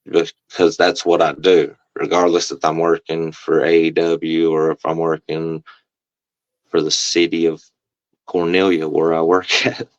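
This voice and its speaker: Deep-voiced wrestler telling stories. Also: male voice, unhurried, dry recording, dull audio. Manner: relaxed storyteller, acts out the other voices in quotes. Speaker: professional wrestler, guest. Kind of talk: casual interview storytelling.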